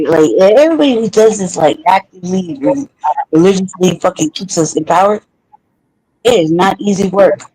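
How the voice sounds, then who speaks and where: A man's voice: sits high, darkish tone, no room sound, low-quality recording. A man co-hosting a podcast, talking in a heated, profane, rambling way with frequent restarts. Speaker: podcast co-host. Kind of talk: heated casual talk.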